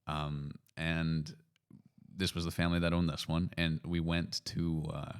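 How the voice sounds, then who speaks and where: Canadian guy hosting a podcast, deep smooth voice, lots of ums, laid back. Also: a little slow. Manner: relaxed, hesitant, lots of fillers. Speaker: podcast host. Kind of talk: casual chat.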